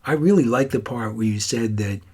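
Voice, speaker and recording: A man's voice: medium pitch, fairly quick, darkish tone, slightly rough, lightly acted. A man voicing a troubled teenage boy who writes and talks to his grandfather in an earnest, wistful way.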